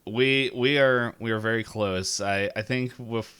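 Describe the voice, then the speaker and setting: Man, game master, casual chat, animated storyteller, low pitch, smooth clear voice. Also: measured pace. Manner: animated storyteller, acts out quotes.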